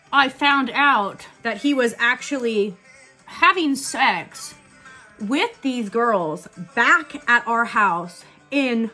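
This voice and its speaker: A woman's voice: a little high, pushed and bright. Candid young woman, beauty storytime vlog. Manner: candid, blunt and profane; quick chatty asides. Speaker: beauty vlogger. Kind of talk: casual get-ready-with-me storytime.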